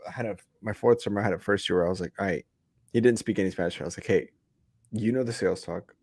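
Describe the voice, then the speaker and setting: A man's voice: low-pitched, very fast, a little mellow, slightly rough, no echo. A man hosting a podcast, telling stories in a laid-back way and laughing as he goes. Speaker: podcast host. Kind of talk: casual storytelling chat.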